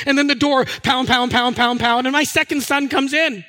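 A middle-aged man preaching from the pulpit with a strikingly high, bright voice. He tells stories from his own life and slips into the voices of the people in them. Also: fairly even intonation, normal speed, few pauses. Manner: storytelling, acts out anecdotes with voices. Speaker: pastor. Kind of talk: sermon.

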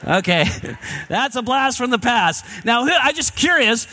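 A man's voice: very high-pitched, animated, unhurried, bright, forceful tone. A man preaching a sermon in a casual, chatty way, asking his audience questions. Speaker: pastor.

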